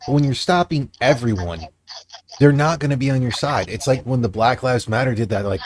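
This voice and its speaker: A man from Michigan, co-hosting a casual voice-chat podcast and telling stories in an animated, profane way. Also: medium pitch, a little fast. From Michigan, United States. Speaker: podcast co-host.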